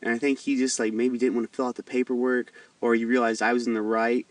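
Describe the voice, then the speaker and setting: A man's voice: mid-range voice, little pitch movement, fast talker, no echo, distant mic. A young man telling a story in a rambling, heated, heavily profane vlog rant. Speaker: vlogger.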